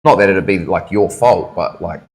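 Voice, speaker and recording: A man talks in a slightly low voice. He chats casually while tattooing on a live stream, easygoing and laughing often, with plenty of swearing. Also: normal speed. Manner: laid-back banter, swears freely, laughs often. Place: tattoo studio.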